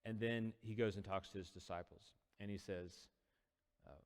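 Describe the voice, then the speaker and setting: A man's voice: fairly low pitch, fairly even intonation, quick pace, long reverb tail. A man casually retelling a Bible story as a teacher, conversational with quoted dialogue. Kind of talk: casual Bible study talk.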